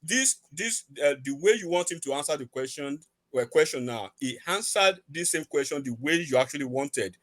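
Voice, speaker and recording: A man's voice: fairly high pitch, animated, moderate pace, fairly bright tone, no room sound. A man, arguing insistently on a heated panel debate and repeating himself to keep the floor.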